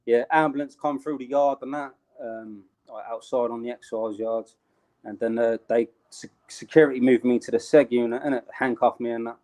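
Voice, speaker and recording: A man's voice: mid-range voice, steady tone, fairly quick, a little mellow. Slangy British man telling a story. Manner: slangy, streetwise, laughs while telling. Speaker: interview guest. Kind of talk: casual storytelling.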